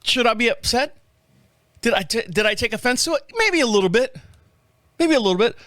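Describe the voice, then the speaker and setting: A man's voice: very high voice, expressive, brisk, bright, forceful tone, dry recording, clean studio sound. A man in his fifties hosting his own show, telling a rambling story in casual talk. He swears freely and laughs often at his own stories. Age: 50s. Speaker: podcast host.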